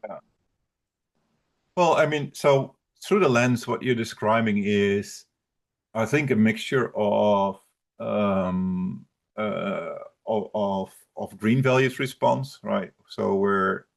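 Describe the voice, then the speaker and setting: A man fields questions over a video call, his voice sitting on the low side. He talks in a halting way, restarting sentences and leaning on fillers as he works through his points. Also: gravelly. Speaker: presenter. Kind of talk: live online talk Q&A.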